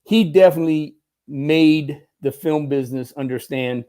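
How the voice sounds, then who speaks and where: A middle-aged man with a fairly high speaking voice, spinning animated anecdotes with frequent laughs. He talks loosely, stumbling into restarts and acting out the voices of people in his stories. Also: normal speed, clean tone. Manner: animated storyteller, laughs often, restarts sentences. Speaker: guest, former Marine turned film military advisor. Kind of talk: casual storytelling interview.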